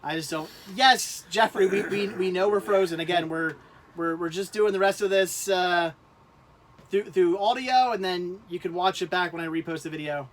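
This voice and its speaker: A man hosting a casual livestream, talking in halting, rambling bursts and laughing often. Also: high-pitched, slight background noise. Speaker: livestream host.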